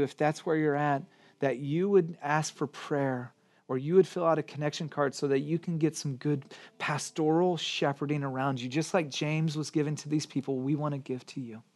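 A middle-aged man preaching a sermon as pastor, earnest, rising to emphatic peaks and dropping to hushed prayer. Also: fairly high pitch. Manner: earnest, swings between emphatic rises and soft hushed prayer.

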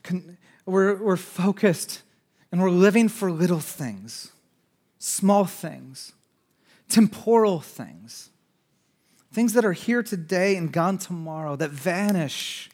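Male pastor, higher voice, sermon delivery with big swings from urgent to hushed. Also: lively intonation, slow pace. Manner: swings between urgent raised passages and hushed, quiet asides; conversational, with fillers and restarts.

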